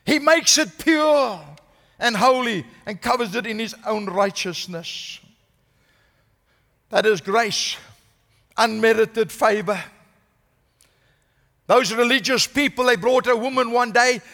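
A senior pastor preaching a sermon, building to strong emphasis and asking the congregation "Amen?". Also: male voice, very high voice, a bit bright, long reverb tail. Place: church.

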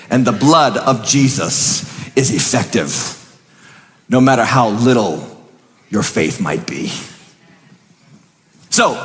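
A man preaching a sermon as pastor, swinging between booming declarations and hushed, conversational asides. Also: big-room sound.

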